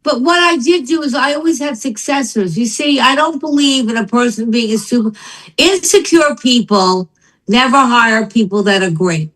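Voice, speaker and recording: Rich: An older woman with a voice pitched a little high tells her business story as an interview guest. She talks in an emphatic, animated way, leaning hard into her punch lines. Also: moderate pace, poor audio.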